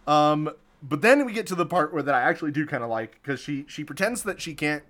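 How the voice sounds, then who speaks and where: Chatty man, a bit higher voice. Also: lively intonation, fairly quick, a bit bright. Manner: chatty, amused, laughs often. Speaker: podcast co-host recapping a film. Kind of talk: casual chat.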